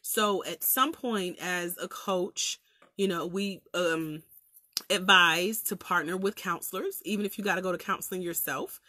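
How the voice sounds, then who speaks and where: A woman with a country Southern accent talks straight to her livestream viewers, chatty and preacherly, laughing as she goes. Her voice is bright and forward. The sound is dry and close, with no room echo. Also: lowish voice, a little slow. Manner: laughs often, colloquial. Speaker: life coach trainer.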